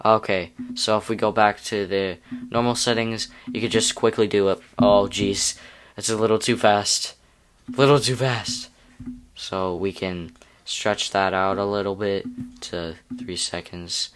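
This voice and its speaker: Slow, smooth-voiced young man explaining editing. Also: lowish voice, level tone, fairly bright tone. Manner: rambling, self-correcting, amused. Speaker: YouTube tutorial creator. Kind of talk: casual screen-recorded editing tutorial.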